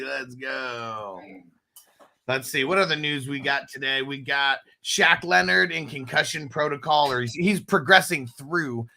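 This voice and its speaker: A man with a very bright, forceful voice hosts a casual talk show. He reads viewer comments aloud and tells stories in a loose, laughing way. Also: fairly high pitch, unhurried, vocal fry. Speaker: podcast host. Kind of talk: casual chat reading live chat comments.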